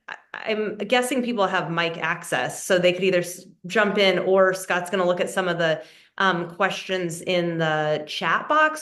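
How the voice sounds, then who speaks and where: A woman from Oregon, a family therapist, speaking in a friendly, earnest and conversational way over a video call, with frequent "like" and "um" and some restarts. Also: medium pitch. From Oregon, USA. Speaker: guest speaker, licensed marriage and family therapist. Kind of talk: conversational webinar presentation.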